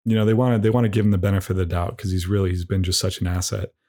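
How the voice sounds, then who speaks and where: A young man delivering a rambling, deadpan comedic monologue as a podcast host, tossing in mock insults. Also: low-pitched, very fast.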